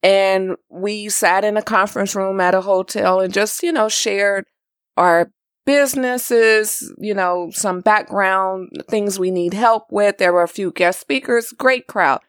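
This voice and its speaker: A woman hosts a podcast in an upbeat, chatty way. Her voice sounds close and dry, with no room sound. Her pitch stays in the middle. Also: measured pace, no echo. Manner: chatty, upbeat, laughs easily. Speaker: podcast host. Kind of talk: casual chat.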